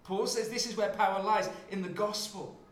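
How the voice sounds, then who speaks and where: A man preaching a sermon, dropping to a hush and rising to loud emphasis as he tells the story. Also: sits high, fairly even intonation, moderate pace, echoey room. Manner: dramatic shifts from hushed to loud when acting out scenes.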